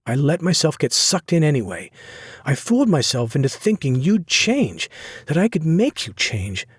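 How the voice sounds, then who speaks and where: A man's voice: medium pitch, lively intonation, normal speed, a little mellow, husky, no echo, clean studio sound, pitched above the performer's own voice. A man voicing a hurt, furious young woman in an audiobook, pleading and near tears. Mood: bitter. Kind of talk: audiobook character voice.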